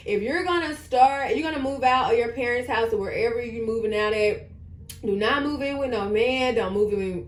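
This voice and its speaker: Woman, 30s, vlogger, emphatic casual advice, repeats for stress, echoey room. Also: fairly high pitch. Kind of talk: casual advice chat while getting ready.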